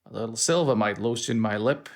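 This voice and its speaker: A man's voice: on the low side, a little fast, natural voice. A man voicing a pushy, money-grubbing male street informant with a put-on tough-guy accent and nagging patter. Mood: wheedling.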